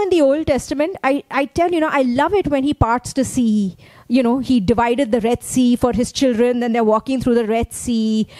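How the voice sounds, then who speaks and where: A woman's voice: high-pitched, darkish tone, no room sound, poor audio. A woman pastor from India, preaching a sermon in a conversational way and often checking in with her listeners.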